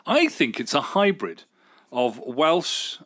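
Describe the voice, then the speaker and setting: A man's voice: a little high, huge pitch swings, slow, fairly bright tone. A middle-aged man, a radio station manager, answering interview questions in an enthusiastic, rambling way with fillers and restarts.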